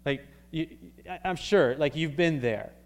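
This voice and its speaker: A young man preaching a sermon in a relaxed, conversational way, with frequent fillers and restarts. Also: on the high side, unhurried. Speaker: pastor. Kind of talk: casual sermon.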